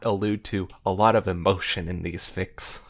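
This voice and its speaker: A podcast co-host chats casually and reacts to the story as it unfolds. He teases and groans in mock exasperation. His voice sits slightly low. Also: steady tone, moderate pace, gravelly. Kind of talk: casual comedic chat.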